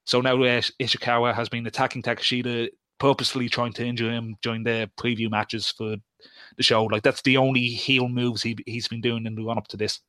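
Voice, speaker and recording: Man, casual podcaster, halting delivery full of ums and restarts, dry close recording. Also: medium pitch, level tone, sharp tone, no room sound. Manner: hesitant, many fillers and restarts. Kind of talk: casual podcast chat about wrestling.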